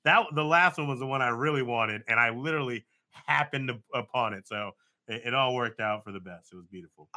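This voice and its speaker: A man's voice: medium pitch, fairly quick, sharp tone. A man co-hosting a casual sports podcast, joking and laughing with theatrical asides. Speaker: podcast co-host.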